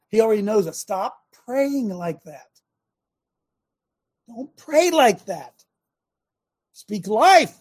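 A middle-aged man delivers a conversational sermon, moving between stories and direct questions to his listeners. His voice sits high and has a husky edge. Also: measured pace. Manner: animated, storytelling, asks listeners questions. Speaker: show host preaching. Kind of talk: conversational preaching.

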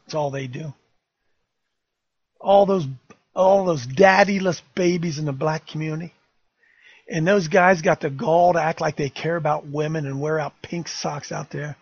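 A man's voice: on the high side, steady tone, normal speed, breathy edge, dry recording, muffled recording. An older man hosting a talk radio show, fiery, emphatic and rambling.

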